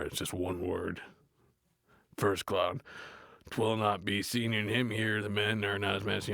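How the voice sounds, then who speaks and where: An actor playing a gruff, blunt adult metal frontman, reading a play aloud in a deadpan, grumbling way and mocking the text. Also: lowish voice, no echo, studio quality, heavily acted. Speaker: reader of a play. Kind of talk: comedic read-aloud with running complaints.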